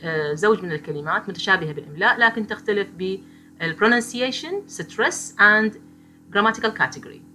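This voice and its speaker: A woman, a native Arabic speaker, gives a phonetics lesson in a bright, clear voice. She explains at a patient pace and repeats each example word, slipping into short Arabic asides. Faint music plays underneath. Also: mid-range voice, lively intonation, very fast. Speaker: teacher. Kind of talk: phonetics lecture.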